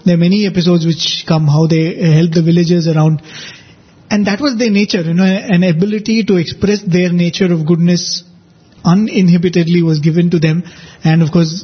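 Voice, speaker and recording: A man recounting anecdotes in casual conversation, quick and hesitant with many fillers. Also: high-pitched, husky, lo-fi sound.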